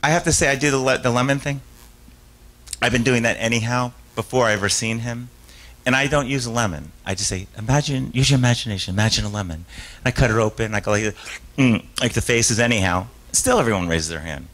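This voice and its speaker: A stage hypnotist gives a live author talk and fields questions from the audience, speaking fairly quickly in a mid-range, fairly bright voice. His storytelling rambles, with frequent self-interruptions, restarts, laughs, and acted-out voices. The audio is rough.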